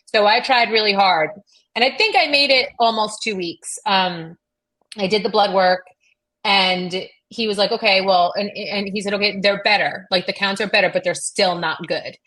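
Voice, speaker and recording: A woman's voice: medium pitch, brisk, sharp tone. A middle-aged woman telling a rambling personal story in casual chat, full of fillers and quoted dialogue. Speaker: guest.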